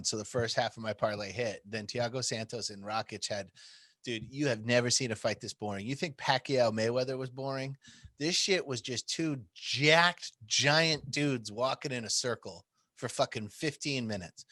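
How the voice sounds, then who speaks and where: Podcast co-host, male, mid-pitched, dry studio sound, profane rambling storyteller. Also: moderate pace, fairly bright tone, no room sound. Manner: profane, rambling storyteller who laughs often. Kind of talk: casual chat.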